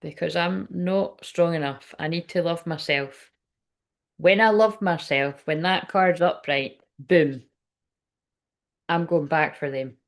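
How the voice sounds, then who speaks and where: Woman, tarot reader, slightly low-pitched, casual and rambling, swears often. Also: slow. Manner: chatty and rambling, swears freely, many fillers. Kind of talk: casual spoken tarot reading.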